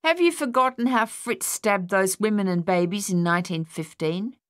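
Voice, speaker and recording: A woman's voice: medium pitch, normal speed, dry recording, studio quality, natural voice. A woman reading a blunt, gossipy young country lad in an audiobook.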